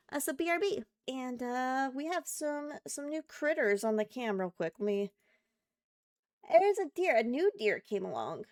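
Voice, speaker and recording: A woman's voice: high voice, no echo, clean studio sound. A woman streamer chatting casually and thinking aloud while playing a game. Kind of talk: casual live-stream chat while gaming.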